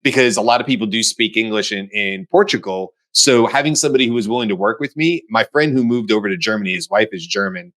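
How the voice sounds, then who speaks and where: A middle-aged American man co-hosting a casual panel discussion, animated and acting out quoted voices. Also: fairly low pitch, quick pace, few pauses. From United States. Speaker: co-host.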